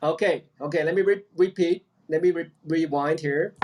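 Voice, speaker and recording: A man's voice: on the high side, normal speed, a little mellow. Guy coaching accents over a video call, patient, keeps repeating himself. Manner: patient, repeats instructions often. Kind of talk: online group lesson.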